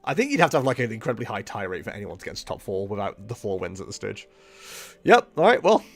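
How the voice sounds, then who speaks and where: Male streamer at home, rambling and self-mocking, with a lively, bouncing voice and faint music behind. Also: on the low side, fast talker. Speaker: streamer playing a card game. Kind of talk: casual live-stream commentary.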